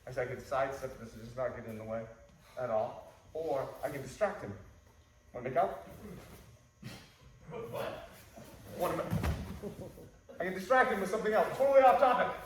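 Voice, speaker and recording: Coaching a martial arts class, this man jokes around and acts out little scenes while he explains. His medium-pitched voice is animated and brisk, broken by long pauses. The mic sits at a distance in an echoey hall with faint noise.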